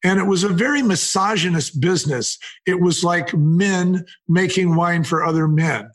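An older man talks through his company's early days in a relaxed interview. His voice is husky and sits a little high for a man. He tells stories by acting out the people he met. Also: moderate pace. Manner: anecdotal, quotes people in lively retellings. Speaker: wine company co-founder, guest. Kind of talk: casual interview storytelling.

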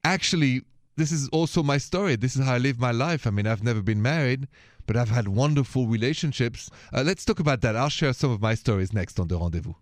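A middle-aged French-accented man hosts a late-night style advice call-in show, easygoing and sprinkling French phrases into his English. His voice sits at an ordinary pitch. It is recorded dry and close in a studio. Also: fast, dry recording. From France. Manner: relaxed, drops French phrases into his talk. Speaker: radio advice host. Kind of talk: call-in radio advice talk.

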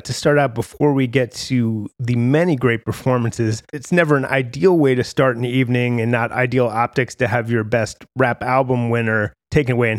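A man hosting a music podcast, reading a measured scripted intro and then asking interview questions. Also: medium pitch, dry recording, studio quality. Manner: clear, measured presenter delivery.

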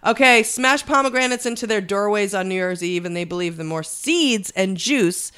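A woman's voice: medium pitch, moderate pace, a bit bright, clear, resonant tone. A woman co-hosting a podcast in casual chat, joking and swearing as she reads out trivia. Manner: joking, profane, reads facts aloud. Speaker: podcast co-host.

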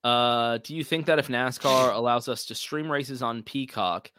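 A man co-hosting a relaxed podcast who chats on and on, full of likes and ums. His voice sits in a middle pitch range. The sound is dry and close to the mic. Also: normal speed, smooth, no room sound. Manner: chatty, rambling, filler-heavy. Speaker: podcast co-host. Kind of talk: casual chat.

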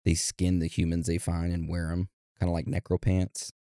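A man co-hosting a casual podcast, joking around and reading out listener shout-outs in an animated way. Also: low-pitched, moderate pace, no room sound, clean studio sound. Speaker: podcast co-host.

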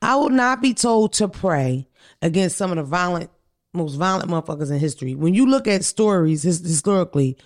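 A woman's voice: fairly low pitch, lively intonation, a little fast. A woman from Philadelphia hosting a podcast in casual chat, blunt, profane and heated. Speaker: podcast host.

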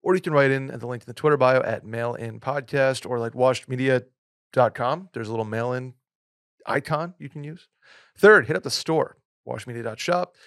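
A man's voice: mid-range voice, fairly quick, a bit bright, no room sound, studio quality. A man hosting a podcast in casual banter, teasing his guest and rattling off plugs in a joking way. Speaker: podcast host. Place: studio in Austin, Texas.

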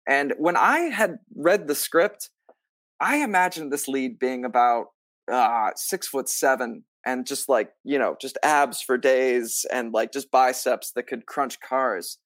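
A man, a stage actor, telling a story in a casual interview, lively and acting out what others said, with lots of filler "like"s. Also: mid-range voice, unhurried, no echo, studio quality. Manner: animated, acts out quoted lines; many filler likes. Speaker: musical theater actor, guest.

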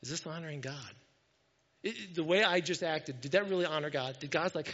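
A pastor telling a story in a sermon, animated and self-mocking, acting out what people said. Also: male voice, fairly high pitch, fairly quick, big-room sound, lo-fi sound.

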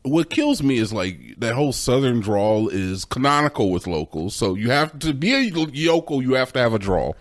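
Teasing, animated podcast guy. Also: mid-range voice, moderate pace, few pauses. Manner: joking, teasing. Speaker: podcast co-host. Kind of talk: casual chat.

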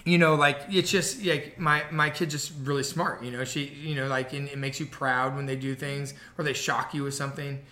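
A man who works as a coach, chatting casually on a podcast, telling animated stories and swearing freely, with constant "like" and "you know" fillers. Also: medium pitch, normal speed, few pauses. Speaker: podcast guest. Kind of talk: casual storytelling chat.

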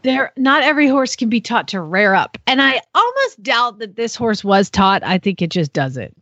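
A woman's voice: fairly high pitch, sing-song, normal speed, fairly bright tone, dry recording, dull audio. A woman hosting a podcast in casual, chatty talk with many fillers and laughs. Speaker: podcast host. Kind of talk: casual chat.

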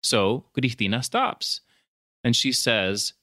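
A man's voice: mid-range voice, measured pace, no room sound, studio quality. A man hosting a podcast, retelling a horror film words, swears and laughs mixed in. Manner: animated storyteller mixing in Spanish words, swears and laughs. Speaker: podcast host. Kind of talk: casual chat recapping a film.

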